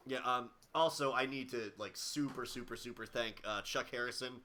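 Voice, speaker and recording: A man co-hosting a casual gaming podcast, talking in a rambling way with a hoarse, strained throat. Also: mid-range voice, normal speed, sharp tone. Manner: rambling, lots of fillers and restarts. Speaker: podcast co-host. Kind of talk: casual chat.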